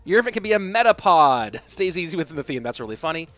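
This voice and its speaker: Here the esports caster, a man in his thirties, speaks on the high side with big swings in pitch, a quick pace and a fairly bright tone. He answers viewer questions in relaxed stream chat, thinking out loud, over soft background music with no room sound.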